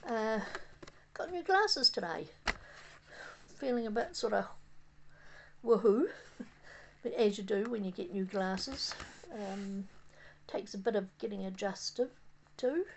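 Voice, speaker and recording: An older woman from New Zealand with a New Zealand accent, reminiscing in a casual, rambling monologue outdoors on a windy day, halting often with fillers and restarts. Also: mid-range voice, expressive, vocal fry. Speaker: vlogger.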